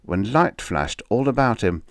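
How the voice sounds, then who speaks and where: A man reads a horror story aloud with a measured, steady delivery. His voice is deep, and the recording is dry and close. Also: no room sound. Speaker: audiobook narrator. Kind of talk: scripted narration.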